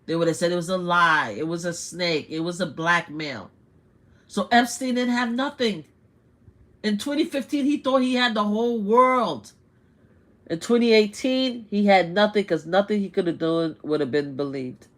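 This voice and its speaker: An older woman with a New York accent, hosting a live stream and giving blunt, animated political commentary full of rhetorical questions. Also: fairly low pitch, normal speed. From United States.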